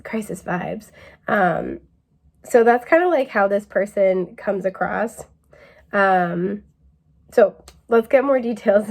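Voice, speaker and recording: A woman talks through a pick-a-card tarot reading in a loose, chatty way, full of ums and little laughs. Her voice sits in an ordinary middle range, and she sometimes slips into a mellow drawl to quote someone. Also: medium pitch, creaky. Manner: chatty and laid-back, many fillers, laughs often.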